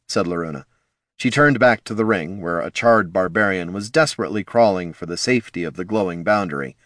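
A man narrating a fantasy audiobook in an expressive storytelling manner. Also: low-pitched, a little fast, dry recording, clean studio sound.

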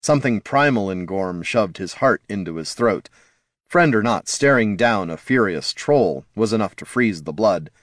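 A man narrating a fantasy audiobook in a lively, expressive reading style. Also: lowish voice, normal speed, no echo, studio quality.

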